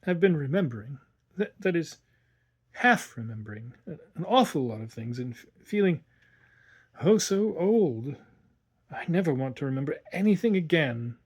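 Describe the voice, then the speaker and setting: A man's voice: high-pitched, big pitch swings, normal speed, few pauses, husky, pitched above the performer's own voice, full character voice. A man doing a small, plaintive boy. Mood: pleading. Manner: plaintive, pleading. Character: frightened, weary little boy. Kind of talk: audiobook narration.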